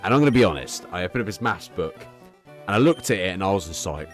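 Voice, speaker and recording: A man's voice: sits low, expressive, fast talker, soft background music. A young man chatting casually on a stream, rambling and swearing freely as he tells stories. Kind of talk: casual chat.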